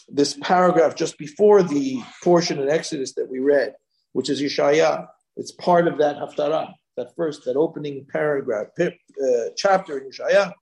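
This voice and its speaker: A man giving a Torah lecture as a rabbi, animated and leaping higher when he voices God's words. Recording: echoey room.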